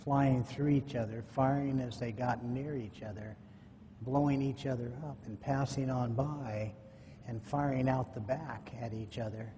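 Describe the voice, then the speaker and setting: Man telling a folksy story at a conference mic, mellow voice, echoey hall, lo-fi old recording. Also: fairly even intonation, unhurried. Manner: folksy, acts out quoted dialogue. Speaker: conference speaker. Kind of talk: personal storytelling talk. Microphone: microphone at a podium or in hand. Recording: echoey hall, faint noise, low-quality 2009 recording.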